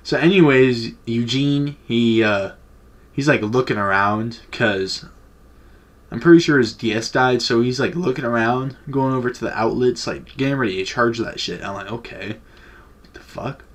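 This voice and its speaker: A man's voice: mid-range voice, normal speed. A young man vlogger telling a childhood story in a casual, profane, laid-back way.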